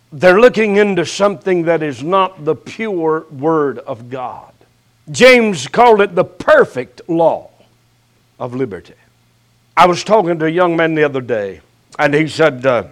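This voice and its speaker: An older man preaching a sermon as pastor, his voice rising sharply and then dropping to a hush, with folksy, teasing jabs at his listeners. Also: fairly high pitch, expressive. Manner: slow preaching with sharp rises and hushed drops.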